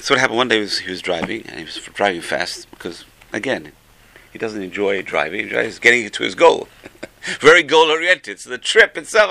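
A man teaching a religious class, telling stories with lively acted-out voices. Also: lowish voice, fairly quick, creaky. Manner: animated storytelling with acted-out voices. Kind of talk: Torah class talk.

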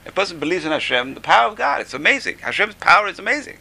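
Gravelly male teacher with a very bright tone, enthusiastic informal religious class. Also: high voice, sing-song, rapid-fire, low-quality recording. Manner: enthusiastic, repeats "amazing". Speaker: Torah teacher.

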